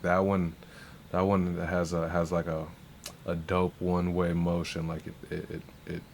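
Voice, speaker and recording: A man's voice: deep voice, a little hiss or hum. A man hosting a livestream, reacting to rap verses in loose, profane, rambling casual talk full of restarts.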